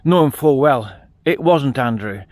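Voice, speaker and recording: A man's voice: mid-range voice, lively intonation, measured pace, a little mellow, no room sound. A middle-aged man, chatting casually to camera outdoors by a farm field. He tells his story bluntly, with frequent restarts. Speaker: vlogger.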